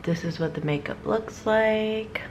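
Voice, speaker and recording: A woman's voice: medium pitch, measured pace, noisy background. A woman vlogger giving a casual step-by-step makeup tutorial, chatty and full of filler words.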